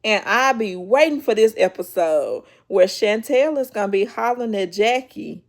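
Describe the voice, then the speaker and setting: A woman's voice: mid-range voice, animated, moderate pace. A woman hosting her own channel, chatting casually as she retells a reality TV episode and acts out the quoted lines. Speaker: YouTube show host.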